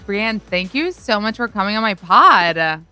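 A woman's voice: mid-range voice, big pitch swings, unhurried, sharp tone, soft background music. A young woman hosting a podcast, chatting in a gossipy way with many "like"s. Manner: gossipy, uses "like" a lot. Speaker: podcast host. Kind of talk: casual interview chat.

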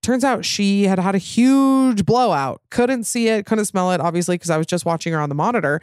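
A woman's voice: medium pitch, brisk, a little mellow, clean tone, dry recording, studio quality. A young adult woman hosting a casual, candid chat, rambling with many fillers and frank swearing.

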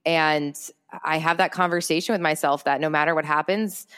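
A woman's voice: low voice, fairly even intonation, normal speed, fairly bright tone, clear, resonant tone. A woman in her late twenties, an entrepreneur and speaker, talking candidly and expressively as a podcast guest, often laughing. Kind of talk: casual podcast conversation.

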